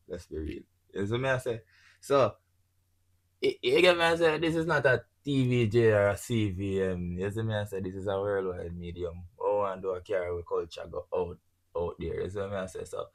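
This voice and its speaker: A man with a Jamaican accent from Jamaica, hosting a podcast in casual chat, blunt and swearing freely, often checking "you see me?". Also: deep voice. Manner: keeps asking "you see me I say?". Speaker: podcast host.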